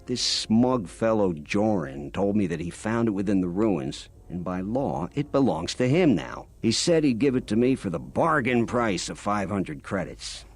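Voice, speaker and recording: An actor voicing a weary, bitter male farmer settler in a video game, complaining in a gravelly, husky voice. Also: lowish voice, sing-song, normal speed, hardly any pauses, exaggerated voice. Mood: aggrieved.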